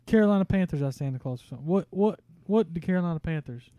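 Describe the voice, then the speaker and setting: A man hosting a comedy bit, quickly feeding questions and playing the exasperated straight man. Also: fairly high pitch, expressive, dry recording, narrow, tinny audio. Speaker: comedy show host.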